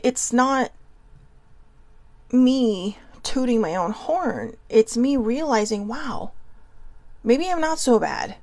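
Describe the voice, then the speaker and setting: A woman's voice: fairly high pitch, no room sound. A woman hosting a casual self-help talk, chatty and goofy, laughing often and a little nervous. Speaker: podcast host.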